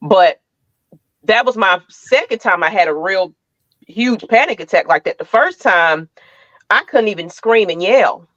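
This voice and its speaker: A woman co-hosting a podcast in a casual chat, telling a story in an animated way and acting out the quotes. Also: medium pitch, measured pace, no echo. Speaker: podcast co-host. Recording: dull, dry lo-fi sound.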